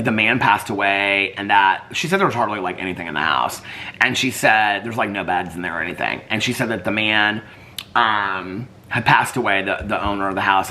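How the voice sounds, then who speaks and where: A man's voice: on the low side, pushed and bright. A man vlogging in casual chat, rambling and filling his talk with "like". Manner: rambling, heavy use of "like".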